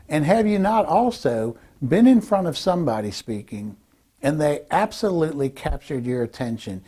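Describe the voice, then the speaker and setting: A man giving a direct-to-camera lesson as a speaking coach, emphatic and deliberate, slowing down to stress key phrases. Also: fairly high pitch, warm tone. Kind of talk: direct-to-camera instructional talk.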